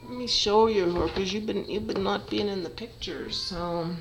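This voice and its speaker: A woman's voice: medium pitch, fairly even intonation, moderate pace, echoey room, noisy background. A cat breeder chatting fondly to her kittens in a casual home video, with baby talk in between.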